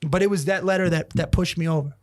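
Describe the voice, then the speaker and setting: A man's voice: fairly high pitch, quick pace. A man from North Jersey, a stand-up comedian telling profane, laugh-filled stories as a podcast guest. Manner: profane, animated storyteller who laughs a lot. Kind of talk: casual storytelling chat.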